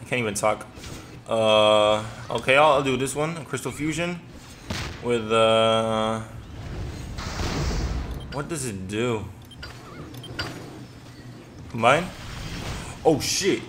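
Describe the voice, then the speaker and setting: A young man giving casual gameplay commentary, excitable, often stammering and swearing as he reacts. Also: medium pitch, slow, pauses often, background noise. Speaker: gaming commentator.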